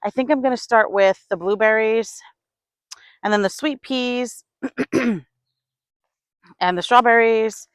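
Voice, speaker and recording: A woman from upstate New York talking to her camera while she tends her garden, sighing, hesitant and thinking out loud. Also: on the high side, slow, pauses often, clear, resonant tone, no echo. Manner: sighing, hesitant, talks to herself while working. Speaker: gardening vlogger. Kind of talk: casual vlog narration. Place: outdoor garden.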